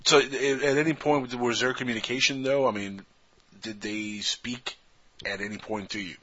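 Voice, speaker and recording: Bright-voiced talk radio host. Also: male voice, medium pitch, fairly even intonation, normal speed, slightly rough, no echo, highs cut off. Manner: earnest, repeats words while thinking.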